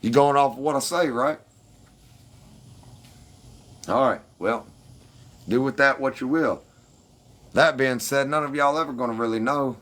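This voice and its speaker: A man's voice: medium pitch, a little slow, long pauses, fairly bright tone. Profane, defensive man ranting at chat. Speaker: livestreamer answering comments.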